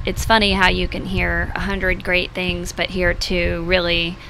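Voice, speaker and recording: A woman's voice: fairly low pitch, completely flat delivery, measured pace, vocal fry, sharp tone, a little hiss or hum, low-quality recording. A woman singer who is an interview guest, talking in a thoughtful, hesitant way. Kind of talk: casual interview chat.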